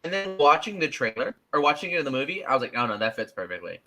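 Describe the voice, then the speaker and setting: A man co-hosting a casual podcast chat, excitable and quick to act out his reactions with big jumps in his voice. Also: medium pitch. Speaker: podcast co-host.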